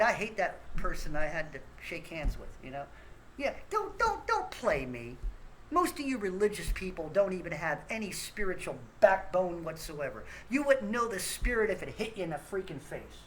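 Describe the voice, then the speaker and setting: A man's voice: sits high, very animated, normal speed, a bit bright, a little hiss or hum, rough recording. A man hosting his own rant show, scolding listeners in a blunt, profane and repetitive way. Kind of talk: angry ranting monologue.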